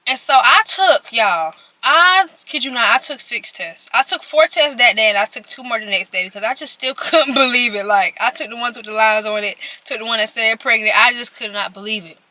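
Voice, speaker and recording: A woman's voice: on the high side, fairly quick, few pauses, pushed and bright, no echo. An eighteen-year-old woman telling a personal story to her viewers while eating, in a chatty way that speaks straight to them. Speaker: vlogger.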